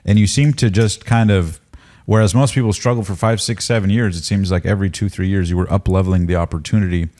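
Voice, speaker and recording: A man's voice: deep voice, steady tone, fast talker, darkish tone. A man hosting a podcast, listening closely with short acknowledgments and asking long, structured questions. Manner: attentive, frequent short backchannels, structured questions. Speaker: podcast host. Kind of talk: interview questions.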